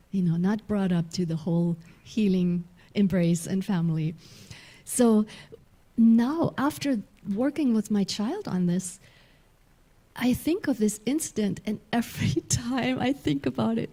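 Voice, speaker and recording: Woman minister, mellow relaxed voice, middle pitch, laughing storyteller. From Germany. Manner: warm, laughing storyteller with many restarts. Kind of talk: sermon with personal story.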